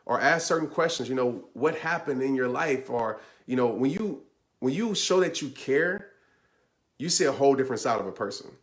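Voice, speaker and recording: A man's voice: mid-range voice, animated, normal speed. A man in a mid-range voice gives motivational advice on relationships. He speaks earnestly and conversationally, addressing listeners directly and stressing his points with repeated promises. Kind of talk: motivational talk answering a question.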